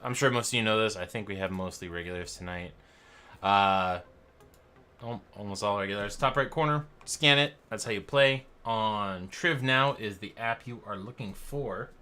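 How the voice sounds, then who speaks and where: A man's voice: lowish voice, moderate pace, bright, forceful tone. A man hosting a trivia night stream, casual and chatty, with showy announcer-style intros and rambling asides. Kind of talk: casual livestream banter. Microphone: headset.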